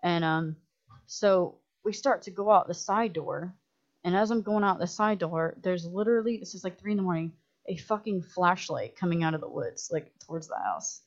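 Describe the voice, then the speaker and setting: Lively woman telling a profane story, muffled. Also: on the low side, moderate pace. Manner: animated, profane, full of "like" fillers, acts out others' lines. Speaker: film director and writer, podcast guest. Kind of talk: casual storytelling in a podcast chat. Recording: muffled lo-fi audio.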